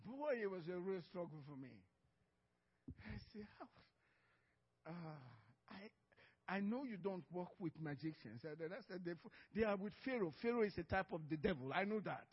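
A man's voice: high-pitched, animated, moderate pace, slightly rough, in a large hall, lo-fi sound. A man preaching a sermon as pastor, telling a story with frequent laughter and acted-out dialogue.

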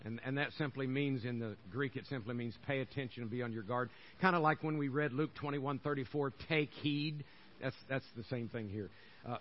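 An older man delivers a sermon from the pulpit at a middling pitch. His manner is folksy and conversational, and he drives his points home by repeating phrases. The recording is dull and lo-fi. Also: brisk. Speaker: pastor.

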